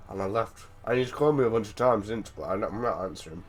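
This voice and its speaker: A British man chatting casually with a friend, telling an animated story, swearing freely and often restarting his sentences. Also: fairly low pitch, fast. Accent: British English. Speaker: streamer. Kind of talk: casual chat on a voice call.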